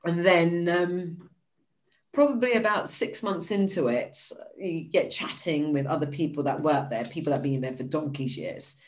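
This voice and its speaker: Lively woman telling stories. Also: normal speed, low-quality recording. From United Kingdom. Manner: lively storyteller, acts out quotes with high bright exclamations. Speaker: podcast guest. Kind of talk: casual storytelling interview.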